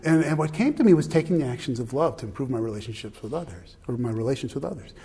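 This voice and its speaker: A man with a husky edge to his voice shares a long personal anecdote. He rambles, restarts and chuckles at his own expense. The tone is casual and unpolished. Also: medium pitch, expressive, fast, dark tone. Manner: rambling, self-deprecating, laughs often. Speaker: husband sharing a personal story. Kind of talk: casual storytelling.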